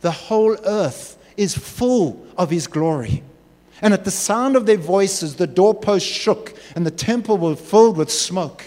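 A man preaching a sermon in an animated way, acting out voices and jokes. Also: high-pitched, measured pace. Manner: animated, acts out voices and asides. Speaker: pastor. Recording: echoey hall.

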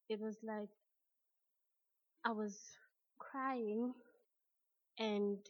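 A young woman from a youth group quietly and hesitantly shares a personal testimony. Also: mid-range voice, lo-fi sound. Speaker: youth group member sharing.

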